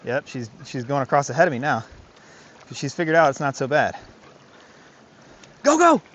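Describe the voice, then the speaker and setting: Outdoors by a creek, a dog trainer explains his methods in casual commentary, often posing rhetorical questions and tacking on "right?". His medium-pitched voice is a bit bright and a little fast. The highs are cut off, and there is slight background noise.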